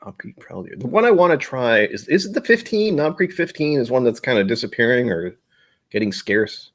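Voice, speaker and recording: A man's voice: medium pitch, big pitch swings, fairly quick. A man hosting a casual whiskey live stream, rambling and self-deprecating as he gets sidetracked.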